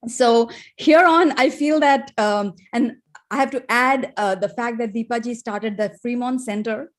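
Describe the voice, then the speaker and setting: A woman's voice: fairly high pitch, a little slow. A woman sharing a personal spiritual testimony, emotional and close to tears, telling stories with feeling. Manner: emotional, tearful, warm storytelling.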